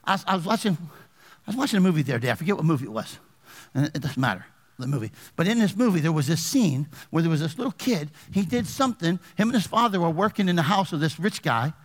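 A man's voice: a little high, quick pace, big-room sound. A male pastor preaching a sermon, reading scripture and asking the congregation questions. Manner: animated preaching with call-and-response questions to the congregation. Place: church sanctuary.

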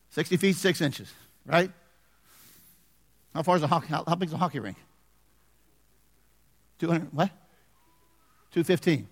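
A man preaching a sermon as pastor, animated and joking with the congregation in church. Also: fairly high pitch, normal speed, long pauses, husky, long reverb tail.

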